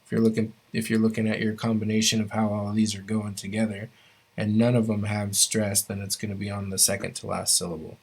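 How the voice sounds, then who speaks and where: A man's voice: on the low side, flat delivery, fairly quick, a little mellow, slightly rough. A man teaching a language class, explaining grammar rules step by step and often stopping to restart his phrases.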